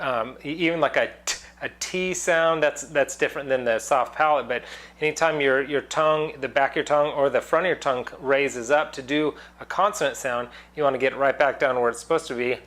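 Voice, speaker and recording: Male vocal coach, mid-range voice, easygoing and rambling, teaching casually to camera. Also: mid-range voice. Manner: relaxed, rambling explanations with many fillers and demonstrations. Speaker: singing teacher. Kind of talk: casual online singing lesson.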